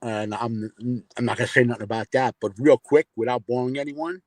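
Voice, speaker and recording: A man's voice: mid-range voice, brisk, darkish tone, no echo. A man who has joined a livestream as a guest, telling a childhood memory in casual, informal chat. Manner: storytelling, informal. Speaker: guest caller.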